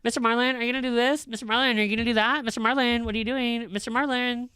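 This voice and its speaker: Man doing a whiny teenage student, much higher voice, nagging, repetitive, smooth dry recording. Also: fairly even intonation, very fast, bright, forceful tone, dry recording. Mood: pestering. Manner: nagging, repeats the teacher's name over and over.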